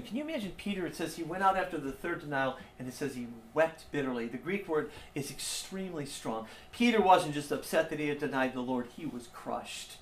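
A man preaching a sermon with passion, rising to loud emphasis and dropping to hushed, repeated lines. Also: fairly high pitch, lively intonation, fairly quick, hardly any pauses, roomy sound, a little hiss or hum. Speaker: pastor.

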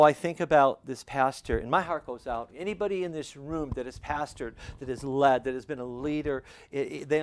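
Impassioned man preaching a sermon. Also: medium pitch. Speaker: pastor.

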